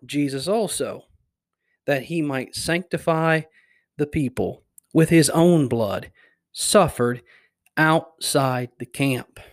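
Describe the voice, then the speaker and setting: A man preaching a sermon, emphatic, building through repeated phrases. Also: on the high side. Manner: emphatic, repetitive preaching cadence.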